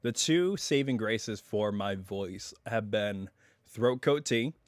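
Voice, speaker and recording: His voice on the low side and still a little hoarse from recovering, a man rambles through a casual live stream at home, full of asides. He talks slowly but in an animated way, recorded dry.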